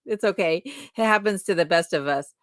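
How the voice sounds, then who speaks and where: A woman's voice: lowish voice, normal speed, no echo, studio quality. A woman hosting a livestream chat who reads viewer comments aloud and greets people by name in a friendly, chatty way. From lives in Alaska. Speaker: livestream host.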